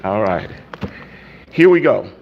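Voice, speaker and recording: A man's voice: fairly low pitch, big pitch swings, takes it slowly, creaky, highs cut off. A man preaching a sermon in a conversational way, checking in with the congregation with frequent "okay?". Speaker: pastor.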